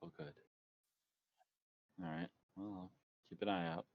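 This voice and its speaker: Deep gravelly man on a lo-fi mic. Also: big pitch swings, slow pace, no room sound. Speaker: player. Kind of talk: casual tabletop game chat.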